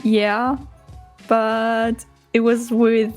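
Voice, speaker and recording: A woman guest on a chat show, soft-spoken and giggly, giving short answers. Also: on the high side, monotone, drawn-out words, faint music behind. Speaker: guest YouTube creator. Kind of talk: casual chat.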